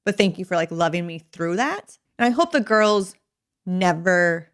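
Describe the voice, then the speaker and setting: A woman's voice: on the low side, animated, moderate pace, clear, resonant tone. A middle-aged woman co-hosting a casual podcast, joking playfully and turning heartfelt. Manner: joking, playful, emotional at times. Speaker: podcast co-host. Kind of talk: casual chat.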